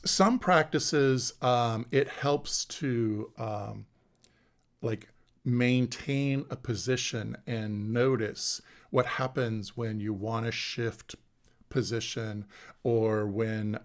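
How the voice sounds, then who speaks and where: A man teaching an online meditation class over a video call, speaking slowly and gently, with frequent hesitant fillers. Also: mid-range voice, vocal fry.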